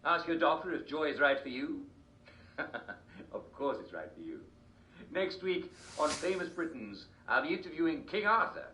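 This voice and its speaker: An actor playing a cheery, smooth TV host in a video game broadcast, with an upbeat announcer delivery. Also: male voice, on the high side, very animated, normal speed, sharp tone, slight background noise. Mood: chipper. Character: cheery smooth male TV host of a dystopian show.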